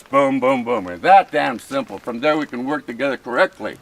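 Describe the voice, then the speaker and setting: A man's voice: medium pitch, expressive, moderate pace, vocal fry, low-quality recording. A man, a First Nations chief, arguing with police in a heated face-to-face exchange, impassioned and pleading, repeating his points over and over. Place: outdoor protest camp.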